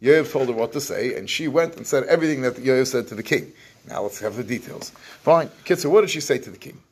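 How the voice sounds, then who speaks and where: A man's voice: mid-range voice, lively intonation, fairly quick, a little mellow, husky. A man teaching an evening Torah class, reading verses, translating them and acting out what the people said, in Yeshivish English. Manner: Yeshivish English with Hebrew phrases.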